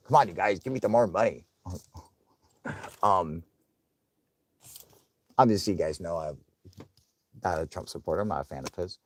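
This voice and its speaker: A young man hosting a casual livestream, swearing often, laughing, and loudly thanking viewers for donations. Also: lowish voice, normal speed, long pauses, slight background noise. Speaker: livestream host.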